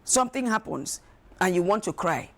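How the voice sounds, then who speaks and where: A woman, speaking as an expert guest on a talk show, emphatic and animated, acting out quoted voices. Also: on the low side, normal speed. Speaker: guest expert on emotional wellbeing. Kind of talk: studio talk show discussion.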